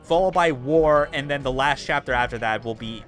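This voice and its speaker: A man's voice: medium pitch, normal speed, a bit bright, soft background music. A young man hosting a game stream, chatting casually, swearing freely and laughing often. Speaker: streamer host.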